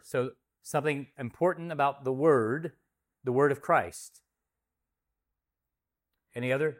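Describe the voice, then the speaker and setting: A man's voice: medium pitch, measured pace, pauses often. A man as pastor, reading scripture, praying, and then teaching a group in a conversational way, asking questions and repeating answers back to them. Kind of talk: Bible study teaching with prayer.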